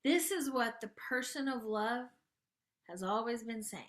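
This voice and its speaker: Slow, gentle woman coaching with a raised voice. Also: on the high side, lively intonation. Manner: soft and tender, drawing words out, sometimes dropping to a hushed near-whisper. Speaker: host and spiritual life coach. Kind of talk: gentle spiritual coaching talk and guided meditation.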